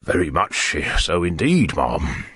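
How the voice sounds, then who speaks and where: A man's voice: deep voice, very animated, takes it slowly, husky, dry recording, clean studio sound, heavily acted. A man doing a pompous, amorous parish beadle. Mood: wooing. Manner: wheedling and courtly, dropping to soft murmurs.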